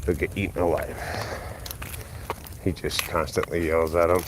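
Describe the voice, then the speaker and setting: Walking his big dog down a street, a low-voiced man live-streams casual commentary from a handheld phone, swearing freely over faint outdoor noise. His tone is level and his speed normal, with long pauses. He mutters asides low, then leaps high into bright praise when the dog behaves.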